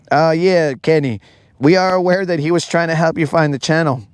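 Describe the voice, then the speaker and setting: A man hosts a live fishing stream, chatting loosely and joking with his viewers. His voice sits a little higher than most men's. He is out on a boat on a lake. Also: clear, resonant tone, dry recording. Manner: joking, bantering with chat. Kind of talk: casual live-stream chat.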